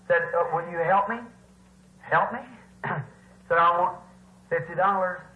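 A man preaching a storytelling sermon in a church, animated, rising to shouts with folksy grammar. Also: sits high. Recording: roomy, dull lo-fi old recording.

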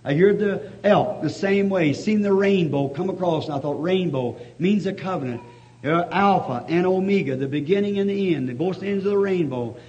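Preacher guy, high voice, folksy story turning into shouting praise, old dull recording. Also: moderate pace. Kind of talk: sermon, storytelling.

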